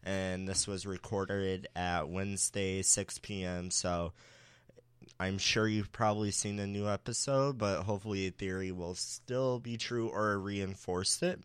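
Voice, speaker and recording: A young man chats through a podcast recap, throwing in sassy asides and laughing often. His voice sits low and smooth. The sound is dry and close. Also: steady tone, measured pace, no echo. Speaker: podcast co-host. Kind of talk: casual chat recap.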